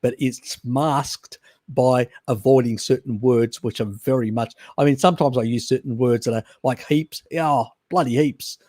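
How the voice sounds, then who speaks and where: A man's voice: mid-range voice, steady tone, normal speed, warm tone, no room sound, studio quality. An Australian man hosting a live stream, chatting loosely and answering viewer questions with restarts and chuckles. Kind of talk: casual chat, reading and answering viewer questions.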